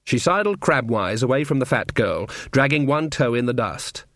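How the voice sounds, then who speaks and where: A man reading an audiobook novel aloud in measured, scripted storytelling narration. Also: medium pitch, lively intonation, fairly bright tone, no echo, clean studio sound.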